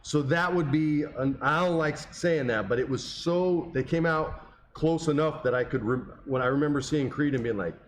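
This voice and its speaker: A man co-hosting a podcast chats casually in a loose, rambling way, swearing now and then. His voice is fairly high and moderately paced, with a little hiss or hum in the background.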